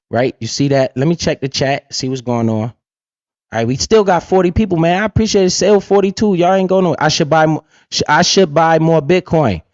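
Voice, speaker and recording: A man with a slightly high, slightly mellow voice hosts a casual livestream, captured in a dull, lo-fi, dry recording with no room sound. He's swaggering and profane, tossing in "right?" again and again.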